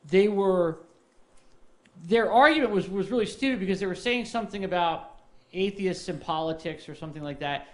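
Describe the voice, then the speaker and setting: A man co-hosting a casual podcast, telling stories in a halting, rambling way with many fillers. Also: sits high. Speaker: podcast co-host.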